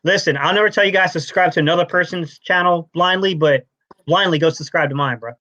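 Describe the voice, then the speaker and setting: A man co-hosting a casual fan sports stream, talking in a brash, animated way. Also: a little high, quick pace, dry recording. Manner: animated, brash, says bro a lot. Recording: dull lo-fi stream audio.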